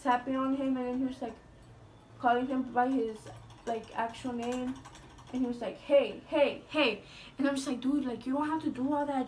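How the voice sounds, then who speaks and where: A woman's voice: high voice, a little mellow, slight background noise. A young woman telling a school story in a casual storytime vlog, chatty and swearing, with lots of "like". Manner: chatty, swearing, heavy use of "like".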